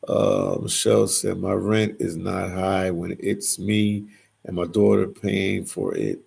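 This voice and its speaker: A man's voice: deep voice, flat delivery, takes it slowly, creaky, darkish tone, husky. A man hosting a casual livestream, reading viewers' comments aloud and answering them, often repeating his phrases.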